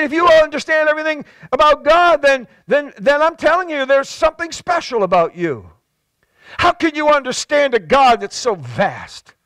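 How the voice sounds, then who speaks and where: A male pastor with a New England accent preaching a fervent sermon, stacking repeated words and swelling into shouts. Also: no room sound. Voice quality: high-pitched and impassioned, repeating words as he builds.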